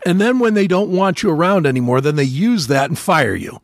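A man hosting a podcast, telling army stories in a casual, profane way and loudly acting out the people he quotes. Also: fairly high pitch, a little fast, dry recording, studio quality. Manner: animated, swearing, acts out quotes loudly. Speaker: podcast host, former soldier. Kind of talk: casual storytelling chat.

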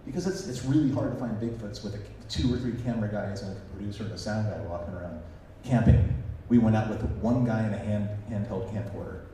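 A man's voice: lowish voice, fast, hardly any pauses, slight background noise. Man telling stories in an echoey hall. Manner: animated, acts out quoted voices. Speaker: conference speaker. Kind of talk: storytelling talk to an audience. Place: conference hall. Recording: echoey hall recording from far off.

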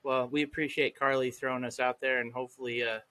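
A man's voice: medium pitch, flat delivery, fast talker, bright, forceful tone, no echo. A man hosting a casual podcast chat, laughing often and joking loosely. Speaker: podcast host.

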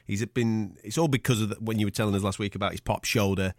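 A chatty man co-hosts a fight podcast. He talks fast in a lowish voice. The recording is dry. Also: no echo. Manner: lively, chatty. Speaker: podcast co-host. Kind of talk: casual MMA podcast chat.

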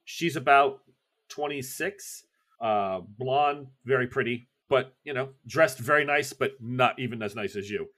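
A man narrating a tabletop role-playing game as game master, casual with quick asides. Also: mid-range voice, a bit bright.

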